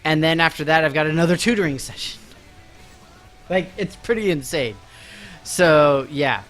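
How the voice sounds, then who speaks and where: A young man plays a game on a live stream, chatting to his audience and joking self-mockingly about his busy day over faint game music. He speaks at normal speed in a slightly high, somewhat bright voice, leaving long pauses.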